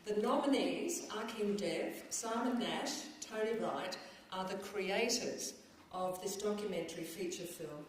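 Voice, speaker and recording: A woman's voice: mid-range voice, unhurried, slight background noise. Woman hosting an awards ceremony, echoey hall. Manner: reads prepared remarks with some fillers. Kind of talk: formal presenting with ad-libs. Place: event venue on stage. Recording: echoey hall, faint ambience.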